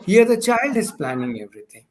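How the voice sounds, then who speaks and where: A man talks through his ideas in a relaxed conversation, fairly high in pitch. He explains patiently with examples and often restarts his sentences. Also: fairly quick. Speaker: founder of a learning community, guest. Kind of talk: casual conversation.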